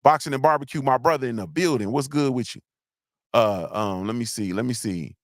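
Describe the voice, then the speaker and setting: A middle-aged man hosts a livestream, chatting loosely in slang and calling out viewers from the chat. His voice sits at an ordinary pitch. The sound is dry and close, with no room around it. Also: a little fast, dry recording. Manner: slangy, rambling, shouts out chat names. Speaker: livestream host.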